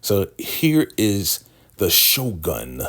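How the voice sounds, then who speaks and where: A man with an extremely low, gravelly voice recaps a TV drama in casual slang. His delivery swings lively up and down as he acts out each scene, and his tone stays husky throughout. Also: drawn-out words. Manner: animated, slangy, acts out the lines. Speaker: TV recap creator.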